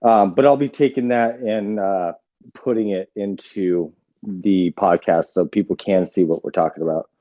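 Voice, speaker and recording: A man's voice: deep voice, moderate pace, no room sound. A man from the American South hosting a podcast in casual chat, laid-back, swearing offhand. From Southern United States. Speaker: podcast host. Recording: dry, dull lo-fi mic.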